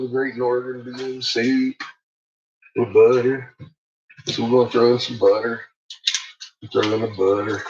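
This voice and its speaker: A home cook vlogs casually from the kitchen at medium pitch, laughing often, swearing freely, and cooing at the pets while cooking. The audio is dull and lo-fi, with a noisy background of loud dogs and clicks.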